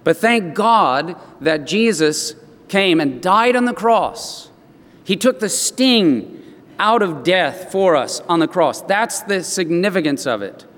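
A man preaching a sermon as a pastor, telling stories with animated, expressive rises in his voice. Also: high voice, slow pace, in a large hall.

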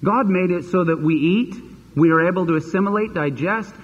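A man preaching a sermon as pastor, animated and acting out the voices he quotes. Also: sits high, brisk, husky. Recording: dull lo-fi sermon recording with long reverb.

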